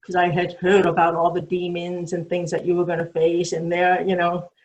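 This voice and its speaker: A woman in her sixties with a New England accent, a guest telling stories casually, rambling and halting with many fillers and restarts. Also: on the low side, monotone, lo-fi sound. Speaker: interview guest, marathon swimmer. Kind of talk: casual storytelling.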